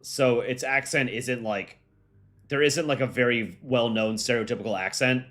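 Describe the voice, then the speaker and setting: A young American man chatting casually on a live stream as its host, relaxed and full of ums and likes. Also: medium pitch, normal speed. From United States. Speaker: streamer and voice actor.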